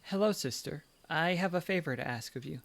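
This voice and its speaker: A man's voice: fairly high pitch, animated, fairly quick, vocal fry, fairly bright tone, slight background noise. A man voicing a polite, earnest young woman painter in his own everyday voice, as he reads game dialogue aloud.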